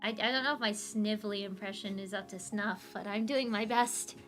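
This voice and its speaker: A woman's voice: medium pitch, steady tone, fairly quick, a bit bright, soft background music. A young woman streaming a live comic reading, chatting in giggly asides.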